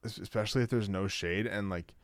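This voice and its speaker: A man's voice: fairly low pitch, fairly even intonation, brisk, no echo. A man co-hosting a casual chat, rambling with lots of "like" and restarts.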